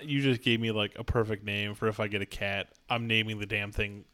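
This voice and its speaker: A man's voice: lowish voice, steady tone, brisk, fairly bright tone, clear, resonant tone. A man chatting casually on a podcast, easygoing and agreeable, riffing along with enthusiasm. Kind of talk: casual chat.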